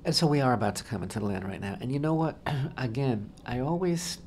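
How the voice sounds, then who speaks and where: A man's voice: medium pitch, expressive, fast talker, a little mellow, slight background noise. A man co-hosting a Torah discussion on talk radio, speaking expansively and emphatically and often repeating his phrases. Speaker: rabbi co-host.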